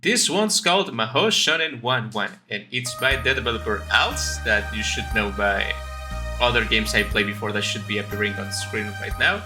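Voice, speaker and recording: A man's voice: on the low side, normal speed, over music. A man streaming an indie game, chatting casually and thinking aloud as he starts playing. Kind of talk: casual gameplay commentary.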